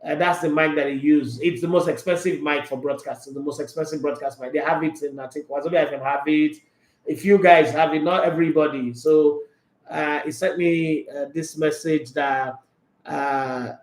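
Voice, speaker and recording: A man's voice: fairly high pitch, echoey room. Emotional Nigerian man hosting a sports podcast. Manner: emotional, rambling with many fillers and restarts. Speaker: sports show host. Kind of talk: casual podcast chat.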